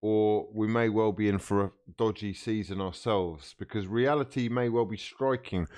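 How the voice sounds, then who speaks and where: A man reacting live to a football match as a fan streamer, frustrated and swearing, with bursts of shouting at the players. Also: lowish voice, fairly even intonation, normal speed.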